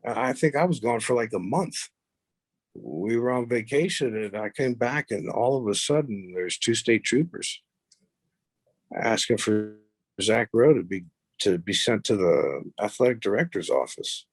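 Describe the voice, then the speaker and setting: A man's voice: on the low side, a little slow, breathy edge, no room sound. A man in his thirties, a podcast guest, telling a story casually with lots of swearing and rambling asides. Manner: profane, rambling, animated retelling.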